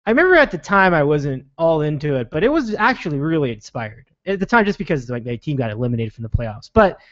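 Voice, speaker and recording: A man's voice: fairly high pitch, very animated, fast talker, fairly bright tone, no room sound. Rambling man hosting a sports podcast. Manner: rambling, many restarts and fillers. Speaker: podcast host. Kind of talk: casual sports podcast chat. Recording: dull lo-fi sound.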